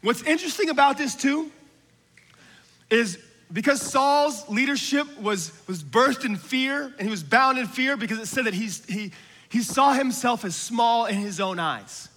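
A man preaching a sermon, moving from hushed, whispered asides to loud, shouted exhortation, with casual slang and laughter. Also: very high-pitched, lively intonation, a little slow. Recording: long hall reverb from a large room.

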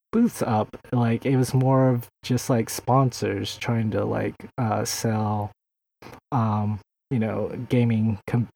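A man's voice: mid-range voice, a little mellow. Casting: man, podcast co-host, rambling, filler-heavy storytelling. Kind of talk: casual podcast chat.

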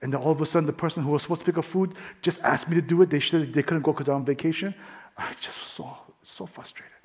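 A male preacher with a fairly high voice tells a story from the pulpit. He acts out each person in it and often sinks into soft, hushed delivery for the tender moments. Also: rapid-fire. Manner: animated storyteller, acts out quoted voices, drops to hushed tones. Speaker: pastor. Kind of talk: sermon with storytelling.

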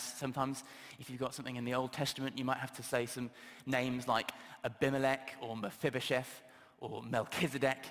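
A man's voice: medium pitch, fairly bright tone. Chatty man preaching in a reverberant hall. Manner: chatty and self-deprecating, with filler words. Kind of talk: casual, humorous sermon. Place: church hall. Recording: long reverb of a church hall.

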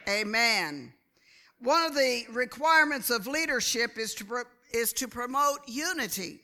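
A woman preaching a sermon in a slow, deliberate way, often calling for an amen from the listeners. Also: a little high, animated, sharp tone. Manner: slow, deliberate delivery, calls for amens. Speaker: church speaker.

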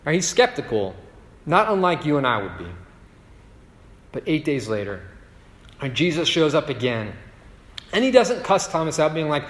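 A man's voice: on the high side, very animated, normal speed, pauses often. Casual preacher man in a reverberant hall. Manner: conversational, keeps asking "right?". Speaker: pastor. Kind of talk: sermon.

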